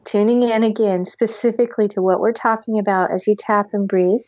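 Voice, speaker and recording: A woman leads a guided tapping session at a medium pitch. She gives calm, step-by-step instructions and sighs deeply between phrases. The recording is slightly dull and lo-fi, with a dry, close sound. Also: fairly quick, no room sound. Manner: calm step-by-step instructions, leading group repetition. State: deep audible sighs and yawns between phrases. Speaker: tapping practitioner.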